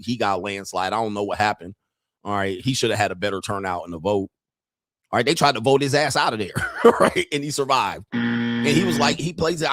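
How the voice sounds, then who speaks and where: A man's voice: fairly low pitch, fairly bright tone, dry recording, clean studio sound. A man streaming, reacting to clips in casual, mocking commentary and laughing often.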